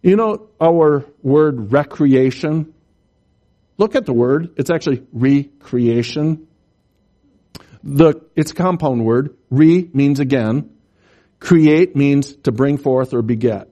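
A man preaching a sermon, explaining scripture slowly and emphatically, rising in pitch and force at key points. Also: warm tone, lo-fi sound. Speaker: pastor.

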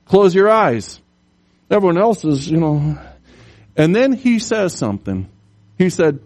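A man preaching a sermon, animated, telling stories and putting on voices for the characters in them. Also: high voice, a little slow, long pauses. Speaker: pastor.

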